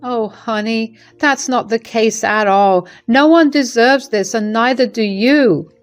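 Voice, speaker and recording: A woman voicing a remorseful middle-aged mother-in-law who speaks gently and apologetically. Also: on the high side, takes it slowly, faint music behind. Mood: worried.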